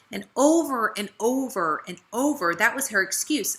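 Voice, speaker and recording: A woman from the American South with a Southern accent, giving a chatty, animated motivational talk to her team as a leader. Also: a little high, measured pace, hardly any pauses. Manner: chatty, animated, with frequent "right?" and "okay". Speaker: network marketing team leader.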